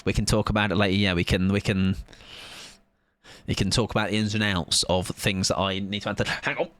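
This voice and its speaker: A man's voice: fairly low pitch, flat delivery, a little fast, a bit bright, no echo. A man, chatting casually with viewers as a game streamer in a playful, rambling, self-mocking way.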